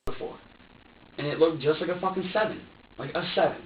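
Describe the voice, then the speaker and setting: Rambling young man in an echoey interview room. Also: a little high. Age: 20s. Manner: rambling, profane, halting repetitions. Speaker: suspect being questioned. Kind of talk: police interrogation statement. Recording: dull, distant, echoey room recording with faint ambience.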